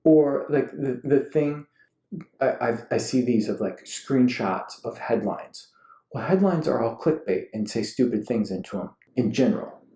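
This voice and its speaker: A man in his thirties co-hosting a podcast from home, his voice mellow and dark even when he gets worked up. He talks in an animated, ranting way, and the room around him sounds echoey. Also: mid-range voice, measured pace. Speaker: podcast co-host. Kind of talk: casual chat with spouse. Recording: roomy home recording.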